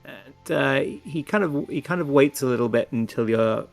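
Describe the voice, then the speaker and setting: Casting: a man with a gravelly voice at medium pitch, narrating his character loosely in a tabletop game. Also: normal speed, soft background music. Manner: rambling, with many fillers and restarts.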